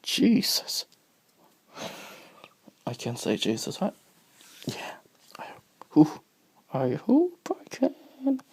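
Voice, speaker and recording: A man's voice: sits high, huge pitch swings, extremely slow, pauses often. A man with a cough talks in a rambling, easily distracted way, drifting into whispers as he addresses viewers of his video blog. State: sick with a cough. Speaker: video blogger. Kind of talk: rambling casual monologue. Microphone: phone camera.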